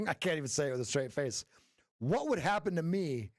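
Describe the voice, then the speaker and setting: A man hosts a live trading stream in a loose, joking way, laughing often between remarks to his viewers. His voice sits a little high for a man. The sound is close and dry, with no room echo. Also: big pitch swings, moderate pace. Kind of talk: casual live-stream chat.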